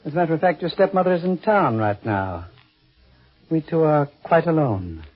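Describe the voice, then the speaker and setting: An actor playing a calm, icily threatening middle-aged stepfather in a 1940s radio drama. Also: on the high side, normal speed, husky. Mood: menacing. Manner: calm, icy, quietly threatening. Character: cold, menacing middle-aged stepfather with a knife. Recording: dull old radio recording.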